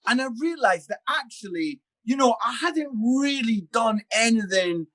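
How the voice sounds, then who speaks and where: A father chatting casually as a podcast guest, telling a self-mocking story in an animated way. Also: extremely high pitch, a little slow. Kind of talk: casual chat.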